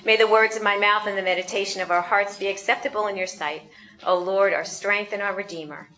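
A woman pastor preaching a sermon, reflective and gentle, often asking the congregation questions. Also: mid-range voice, steady tone, fairly quick, highs cut off.

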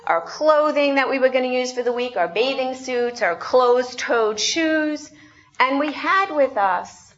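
A woman's voice: fairly high pitch, a bit bright, lo-fi sound. A woman pastor preaching a conversational sermon, putting questions to the congregation.

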